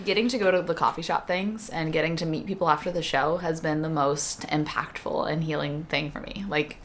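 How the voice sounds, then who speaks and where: A woman's voice: fairly quick, hardly any pauses, slight background noise. A woman in her thirties vlogging from a hotel room, chatty and openly emotional, talking to a camera sitting on her bed. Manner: chatty and openly emotional, voice swinging high when excited. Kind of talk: casual vlog chat.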